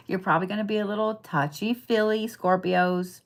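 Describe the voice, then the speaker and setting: A woman's voice: mid-range voice, level tone, normal speed, few pauses, pushed and bright. A young adult woman giving a casual, chatty tarot reading, emphatic and checking in with her listeners often. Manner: chatty, emphatic, frequent "okay?" check-ins, swears casually. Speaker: tarot and zodiac reader.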